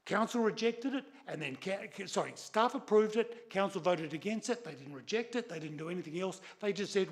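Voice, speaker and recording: A man's voice: high voice, expressive, normal speed. A middle-aged Australian man, a city councillor, pressing his point in a council meeting debate, insistent, often ending with "okay?" and "right?".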